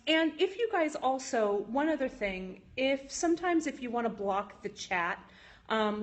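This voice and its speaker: Chatty woman livestreaming from her bench. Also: medium pitch. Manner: chatty, with frequent "um"s, reads and answers viewer chat. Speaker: jewelry maker hosting a livestream. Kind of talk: casual live-stream chat. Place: home jewelry studio. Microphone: phone.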